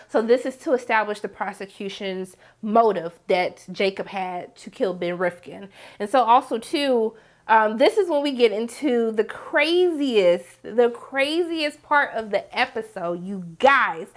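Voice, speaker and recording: A woman with a high voice hosts a casual TV recap. She talks in an animated, emphatic, slangy way and addresses her viewers directly, and she acts out the characters dramatically as she goes. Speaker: TV recap host.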